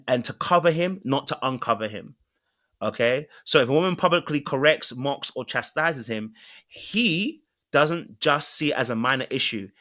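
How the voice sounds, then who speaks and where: A man's voice: mid-range voice, a bit bright. A man giving relationship coaching in an emphatic, repetitive talking style, often checking in with his listeners. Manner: emphatic, repeats "you know what I'm saying to you". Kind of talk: coaching talk to a panel.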